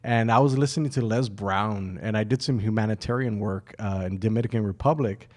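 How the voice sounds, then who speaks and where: A man's voice: fairly low pitch, a little fast. Reflective man in his forties hosting a podcast. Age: 40s. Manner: reflective, restarts words, swears casually. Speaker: podcast host. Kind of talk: casual podcast chat. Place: podcast studio.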